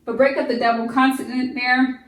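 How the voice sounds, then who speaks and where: A woman homeschool teacher giving a phonics lesson to young children, stretching out each word slowly and explaining patiently. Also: high voice, little pitch movement, recorded from a distance. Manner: slow, drawn-out sounding of words, patient explaining. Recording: echoey room, voice off-mic.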